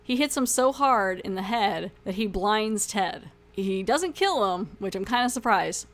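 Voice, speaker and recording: A woman's voice: mid-range voice, expressive, a little slow. A young adult woman hosting a podcast, casually retelling a TV episode with lots of likes and you-knows. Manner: chatty, full of filler like and you know, acts out lines. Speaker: podcast host reviewing a TV episode.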